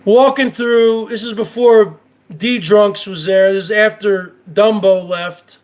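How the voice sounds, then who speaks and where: A man's voice: high-pitched, steady tone, slow. A man hosting his own show, ranting in heated, profane, repetitive commentary. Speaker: show host.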